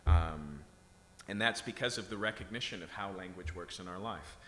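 A man's voice: low voice, normal speed, fairly bright tone, slight background noise. A man preaching a sermon in a conversational way, often checking in with his listeners. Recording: echoey hall.

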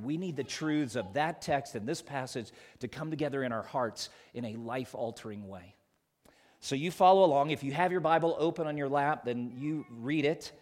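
A male pastor preaching a sermon to his congregation, earnest, with loud emphatic peaks and soft quiet drops. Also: medium pitch.

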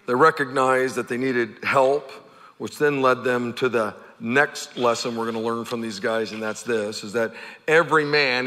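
A male pastor preaching an animated sermon, stammering over repeated words and pausing for effect. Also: medium pitch. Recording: long hall reverb.

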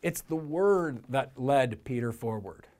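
A man's voice: mid-range voice, animated, takes it slowly, darkish tone. A man preaching a sermon as pastor, in an earnest, conversational way with lots of repetition.

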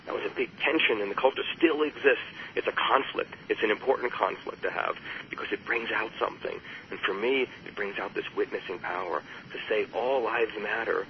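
Male therapist guest, lower register, earnest and emphatic; dull radio audio. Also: a little fast, slight background noise. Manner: emphatic, rises sharply on quoted voices. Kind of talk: earnest explanatory interview talk.

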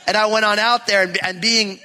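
A man from New York preaching a sermon as pastor, animated and conversational, acting out stories. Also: high-pitched, fairly quick, big-room sound. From New York area. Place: church sanctuary.

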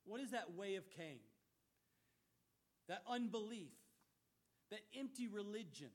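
A man preaching a sermon in an animated, emphatic way, mixing casual slang into his teaching. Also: high voice, a little slow.

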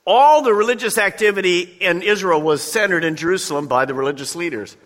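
A man's voice: high voice, brisk, a bit bright. A man preaching a sermon as pastor, talking emphatically and conversationally with direct appeals to his listeners. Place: church sanctuary. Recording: long reverb of a large church hall.

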